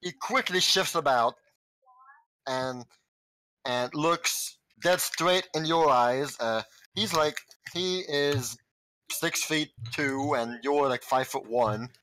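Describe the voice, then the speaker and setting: A man narrating a tabletop game as game master, halting with many restarts and chuckles. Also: a little high, bright, forceful tone, rough recording.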